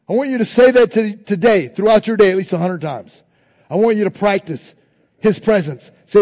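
A man preaching with a high, mellow voice, moving between emphatic repeated refrains and quiet prayerful lines. The sound rings with long reverb in a big hall and comes through dull and lo-fi. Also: moderate pace. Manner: informal phrasing, dropping to soft prayerful tones. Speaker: pastor. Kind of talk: sermon.

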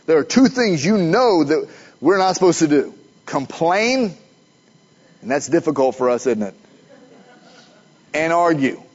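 A man's voice: fairly high pitch, very animated, unhurried, pauses often, darkish tone, highs cut off. A man preaching a sermon in a conversational way, asking his listeners questions as he goes. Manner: conversational, asks the audience questions.

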